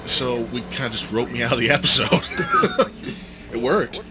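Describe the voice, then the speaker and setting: A man's voice: medium pitch, sing-song, moderate pace, music in the background, low-quality recording. A man chatting on a commentary track, easygoing as he recalls details. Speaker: cast member doing commentary. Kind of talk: casual commentary chat.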